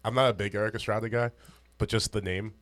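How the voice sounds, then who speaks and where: A man's voice: on the low side, steady tone, fast talker, a bit bright, no room sound, studio quality. A young man co-hosting a podcast, joking and swearing casually, laughing often. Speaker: podcast co-host. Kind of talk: casual banter.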